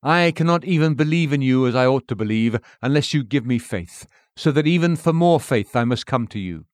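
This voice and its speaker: A man reading a sermon aloud in a measured, earnest way, full of rhetorical questions. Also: medium pitch, expressive, no room sound, studio quality. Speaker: preacher.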